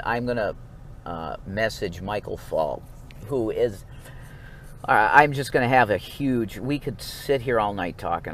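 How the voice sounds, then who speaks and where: A man vlogging in a rambling, profane monologue, swinging between low mumbles and sudden outbursts. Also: a little hiss or hum.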